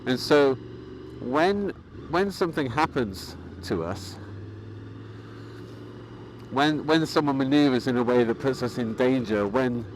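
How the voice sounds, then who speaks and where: Calm rambling man, faint traffic. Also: medium pitch, a little slow, pauses often, poor audio. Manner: calm, rambling, with frequent fillers and restarts. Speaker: motorcycling vlogger. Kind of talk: casual vlog monologue.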